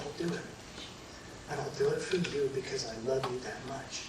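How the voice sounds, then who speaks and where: A middle-aged man telling an emotional personal story to a live audience, halting and restarting, choking up at times. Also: mid-range voice. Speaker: guest telling his near-death story. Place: large hall before a live audience. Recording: very echoey hall, voice from far off, clear room noise.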